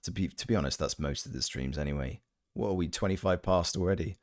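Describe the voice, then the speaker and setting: A gaming streamer and voice actor with a deep voice talks fast and casually on his stream, reading chat messages aloud and tossing in playful, joking asides.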